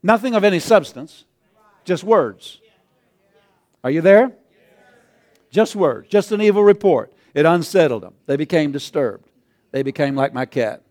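A man's voice: on the high side, animated, a little slow, long pauses, darkish tone. A male pastor preaching a sermon, often chuckling and calling out to the congregation. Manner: chuckling, call-and-response.

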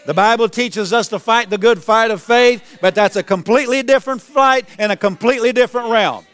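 A man's voice: very high-pitched, brisk, a bit bright. A man preaching a sermon as pastor, building to emphatic exclamations.

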